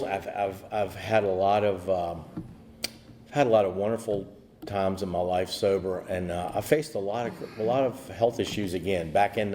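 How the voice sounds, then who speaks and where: A man's voice: fairly low pitch, a little mellow, slight background noise. A man telling his recovery story at a meeting, rambling with many fillers and restarts. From USA. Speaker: AA speaker. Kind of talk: personal recovery talk.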